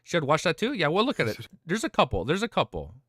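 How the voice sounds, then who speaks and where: A male streamer chatting excitedly and casually during a live reaction stream, swearing now and then. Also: on the high side, fast talker, dry recording, clean studio sound.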